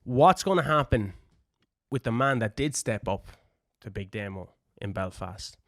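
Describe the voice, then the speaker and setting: An Irish man co-hosting a wrestling podcast in casual chat, teasing his co-hosts with quick interjections. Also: mid-range voice, animated, no room sound, studio quality. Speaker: podcast co-host.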